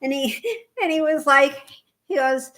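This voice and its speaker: A woman from Indiana co-hosting a knitting podcast, telling animated stories in casual chat and laughing often. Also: high-pitched, measured pace. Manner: animated storyteller, laughs often, acts out quoted dialogue. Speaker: podcast co-host.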